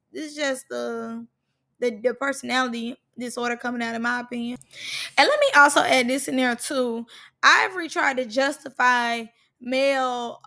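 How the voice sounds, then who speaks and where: A woman's voice: high-pitched, a bit bright. A woman recapping a reality show in casual, slangy speech, stressing points by repeating words.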